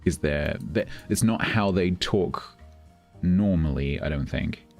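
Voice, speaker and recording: Deep-voiced Londoner chatting on stream. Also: male voice, takes it slowly, darkish tone. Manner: chatty, explanatory, many restarts. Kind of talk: casual chat with stream chat. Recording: faint background music.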